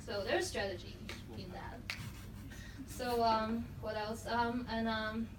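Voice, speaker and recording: A woman, the team captain, speaking casually to an audience with many fillers and pauses. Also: on the high side, steady tone. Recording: echoey room, far mic, noisy.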